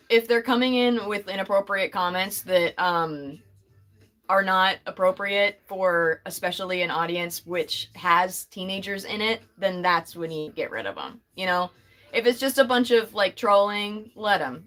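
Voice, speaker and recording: A woman's voice: mid-range voice, measured pace, a bit bright. Chatty young woman hosting a livestream. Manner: chatty, laughing often, reading chat aloud. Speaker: livestream host. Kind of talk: casual livestream chat.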